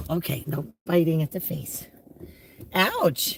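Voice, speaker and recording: A middle-aged woman hosting a casual live stream from inside her car, chatting and slipping into high baby talk for her dog. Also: expressive, takes it slowly, pauses often. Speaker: livestream host. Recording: distant mic with loud car noise.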